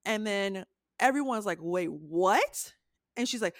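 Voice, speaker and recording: A woman's voice: medium pitch, animated, unhurried, no room sound, clean studio sound. A young adult woman, a podcast co-host, retelling a story in casual chat, acting out quotes in a raised voice and swearing freely.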